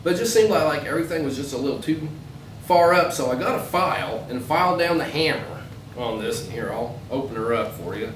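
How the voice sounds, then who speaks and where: A man's voice: fairly high pitch, animated, a little fast. Rambling man, echoey and distant. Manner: rambling, storytelling with acted quotes. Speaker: gun show co-host. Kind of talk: casual chat. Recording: echoey, from far off, faint noise.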